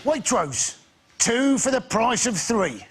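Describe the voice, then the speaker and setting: Man, comedian, sardonic, high voice, noisy background. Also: sing-song, takes it slowly, over a noisy crowd. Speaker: comedian panelist. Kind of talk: improvised comedy. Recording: heavy background noise.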